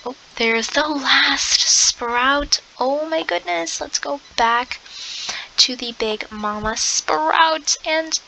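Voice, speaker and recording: A young woman commenting on her game play, excitable, gasping often and slipping into soft half-whispered asides. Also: sits high, extremely slow, a little hiss or hum, poor audio. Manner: excitable, gasping, lots of exclamations. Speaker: gamer.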